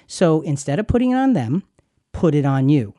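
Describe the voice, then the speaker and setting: A man's voice: on the high side, sing-song, normal speed, mellow, no echo, clean studio sound. A man co-hosting a Christian marriage teaching, talking with emphatic, preacherly repetition. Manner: emphatic, preacherly, repeats words. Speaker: Christian radio co-host.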